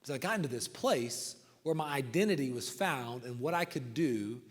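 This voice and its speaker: A man giving a motivational talk to coaches, telling stories and swinging from loud outbursts to hushed lines. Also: mid-range voice, animated, normal speed. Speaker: motivational speaker. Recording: reverberant hall.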